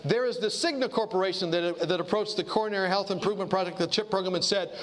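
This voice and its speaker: A man preaching a sermon to a congregation, animated and rhetorical, calling for amens and asking questions of the crowd. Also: sits high, fast talker. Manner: animated, rhetorical call-and-response with the audience. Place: church hall before a congregation.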